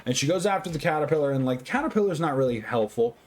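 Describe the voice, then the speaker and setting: A tipsy man giving a casual movie review, rambling, swearing constantly and getting excitable. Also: on the high side, racing, a little hiss or hum. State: tipsy, drinking.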